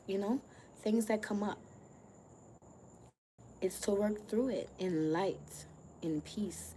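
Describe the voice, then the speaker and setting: Woman tarot reader, casual and profane, laughs a lot, leans on drawn-out words; mid-range voice, slight hiss behind. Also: medium pitch, dark tone. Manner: slangy, profane, laughs often. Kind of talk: casual spiritual tarot reading.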